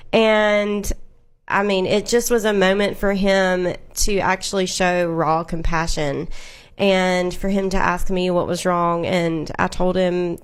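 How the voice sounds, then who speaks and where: A woman's voice: lowish voice, smooth. A woman, a mother and contributor, telling an earnest personal story in a casual panel chat.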